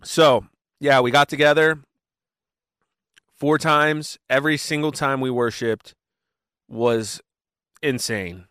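A man talking casually in an interview, animated and full of fillers as he tells his story. His voice is smooth and resonant, at a middle pitch, and the recording is dry and close. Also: no echo. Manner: animated storyteller with many fillers and quick asides. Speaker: worship pastor, guest.

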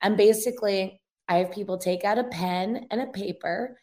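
A young woman revivalist minister, appearing as a guest in a casual podcast interview, gives an earnest, emotional testimony. Her mid-range voice is a little mellow and moves at a moderate pace.

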